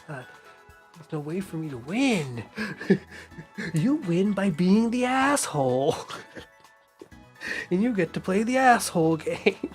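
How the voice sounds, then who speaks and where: A man's voice: sits high, big pitch swings, slow pace, pauses often, faint music behind. A man streaming a game, ranting casually with heavy swearing and frequent laughter. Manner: profane, rambling, laughs often.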